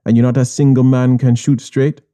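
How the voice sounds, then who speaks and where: A man's voice: mid-range voice, level tone, fairly quick, dark tone, voice pushed up, natural voice. A man voicing an arrogant Jamaican Syrian boss who berates and sneers with constant swearing, in an audiobook. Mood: berating. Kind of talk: audiobook character voice.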